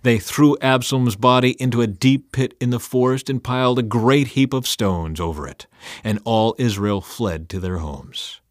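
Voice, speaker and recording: A man's voice: mid-range voice, moderate pace, no echo. Man reading scripture in a dry studio. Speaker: scripture reader.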